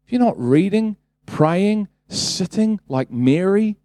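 Mellow-voiced man preaching a sermon. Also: sits high, expressive, slow pace, no room sound, clean studio sound. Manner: conversational, building to emphatic bursts; asks the congregation rhetorical questions.

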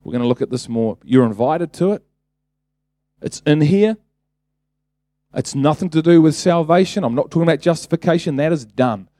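A man's voice: a little high, lively intonation, normal speed, pauses often, warm tone, no echo. A man preaching a casual sermon, talking conversationally, then building to emphatic bursts and asking the congregation rhetorical questions.

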